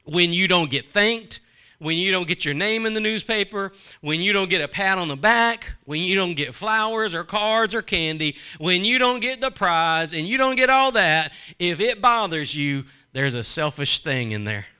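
Guy preaching a sermon, real bright and smooth, keeps asking the crowd stuff and doing little voices. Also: high voice, expressive, moderate pace. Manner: conversational, asks the congregation questions; acts out quoted voices.

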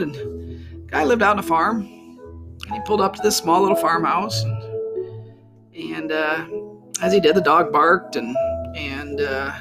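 A man's voice: fairly high pitch, vocal fry. A man preaching, telling a long story in a rambling, conversational way. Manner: rambling, conversational, many restarts. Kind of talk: sermon storytelling. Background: instrumental music.

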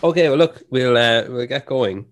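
A man's voice: mid-range voice, animated, moderate pace, slight background noise. A man hosting a casual podcast interview, rambling and hesitant with lots of fillers. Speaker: podcast host.

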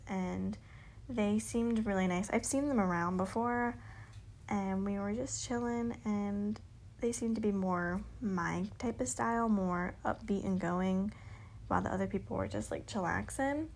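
Young woman, bubbly, swearing, laughing often. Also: mid-range voice. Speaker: vlogger. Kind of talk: casual storytelling.

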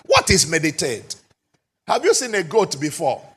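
A man preaching a sermon as pastor, emphatic and often shouting, with rhetorical questions to the congregation. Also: on the high side, huge pitch swings, moderate pace, husky.

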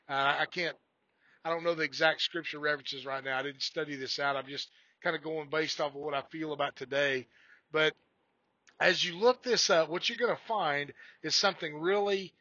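A man's voice: on the high side, bright, forceful tone, dry recording, dull audio. A man giving an informal devotional sermon on a podcast, telling folksy stories and often restarting his phrases. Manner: folksy storytelling with frequent restarts. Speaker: podcast preacher.

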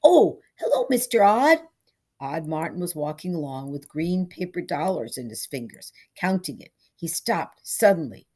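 A woman narrating a short story in a measured, steady storytelling manner. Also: deep voice, husky.

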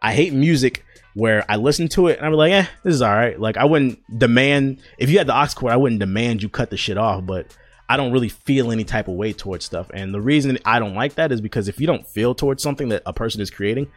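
A man's voice: medium pitch, quick pace, no room sound. A young man hosting a podcast, telling stories in a loose, profane, slangy chat full of fillers, on a close mic. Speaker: podcast host. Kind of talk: casual storytelling chat.

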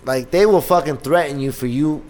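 A man who does open-mic comedy, talking in a casual podcast chat with a raspy voice and a profane, animated way of telling stories. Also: fairly high pitch, normal speed.

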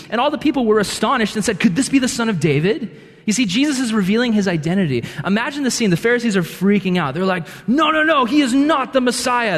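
A man preaching a sermon as a pastor on a church stage, telling scripture stories with lively acted-out quotes. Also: high voice, long reverb tail. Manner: animated storytelling with acted-out quotes.

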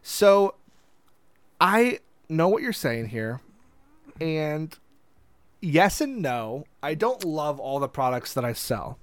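Joking guy on a podcast, kinda high voice, goofy and teasing, dry mic. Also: sing-song, slow pace, pauses often, no echo. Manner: joking, playful, breaks into silly voices. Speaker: podcast co-host. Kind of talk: casual chat.

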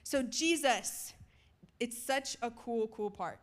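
A young woman preaching a sermon to students, moving between loud calls and soft, hushed lines. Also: fairly high pitch, takes it slowly. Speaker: youth speaker.

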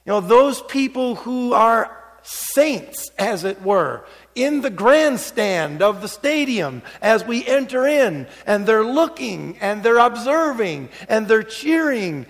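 A middle-aged man preaching a sermon as pastor, telling stories and moving between quiet asides and rising exhortation. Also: very high-pitched, sing-song, takes it slowly. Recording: long hall reverb.

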